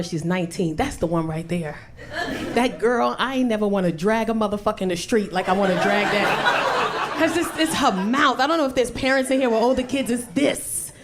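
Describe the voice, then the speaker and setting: A woman in her forties doing a loud, profane stand-up set at a comedy club, telling stories brashly into a handheld mic. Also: on the high side, a little fast. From Los Angeles. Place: comedy club stage with a laughing audience. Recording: noisy live club recording.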